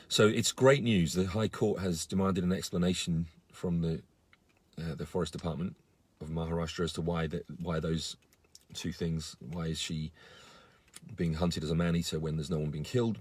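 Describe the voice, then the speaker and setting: A man with a low, husky voice speaks to his followers on a live stream. He sounds earnest and indignant, and he often stops to restart his sentences with ums and uhs. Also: darkish tone, no echo. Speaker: campaigner on a live video. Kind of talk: casual live-stream update.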